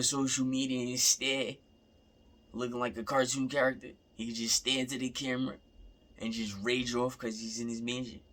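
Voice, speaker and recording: A man's voice: mid-range voice, a bit bright. A young man in a casual, rambling rant, repeating himself and swearing freely. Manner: rambling, repeats himself, profane, laughing asides.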